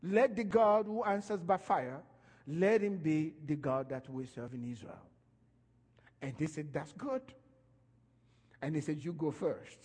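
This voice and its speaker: A man preaching a sermon, animated and emphatic, his voice rising and falling as he stresses his points. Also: on the high side, unhurried, pauses often, slightly rough, in a large hall.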